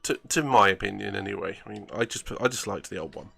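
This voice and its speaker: A man talks his way through a racing game on a live stream, loose and rambling, grumbling and then poking fun at himself. His voice sits low with a gravelly, creaky texture. The tone stays bright and forward. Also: quick pace. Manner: rambling, chatty, self-mocking grumbles. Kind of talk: casual live-stream commentary while racing.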